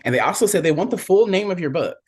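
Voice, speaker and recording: A man's voice: high voice, lively intonation, fast talker, husky. A man hosting an online event, speaking hesitantly with many restarts.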